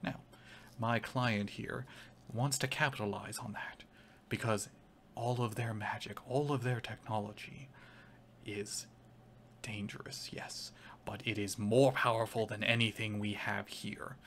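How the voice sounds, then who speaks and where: Brief: man putting on an Irish-accented reptile crime boss for a tabletop game, oily salesman patter, lowish voice. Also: steady tone, a little slow, fairly bright tone, a little hiss or hum. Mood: ominous. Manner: smooth-talking, wheedling salesman patter. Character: fat scheming crocodilian male crime lord.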